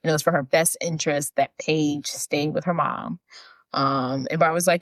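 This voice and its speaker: A woman co-hosting a podcast, casually recapping a film and acting out the characters' lines in animated bursts. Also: low voice, normal speed, dry recording. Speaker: podcast co-host.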